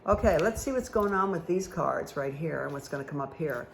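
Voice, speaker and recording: Reading tarot and angel cards for her audience, a spiritual guide chats and rambles, frequently asking "okay?" Her low, gravelly voice is animated and brisk. A faint hiss or hum can be heard.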